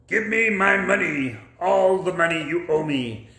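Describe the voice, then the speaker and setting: A man's voice: sits high, animated, a little slow, creaky, bright, forceful tone, echoey room, pitched above the performer's own voice, exaggerated voice. A man voicing a king who firmly demands his money in a puppet Bible story. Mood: stern.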